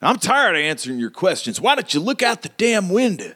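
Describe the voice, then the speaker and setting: A brash small-town mayor who sneers at every demand, put on by a man running the game. The voice sits far above the performer's own low register and stays defiant and contemptuous. His delivery is pushy and dismissive. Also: sing-song, brisk, fairly bright tone, husky, heavily acted. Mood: scornful. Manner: scornful, contemptuous and high-pitched.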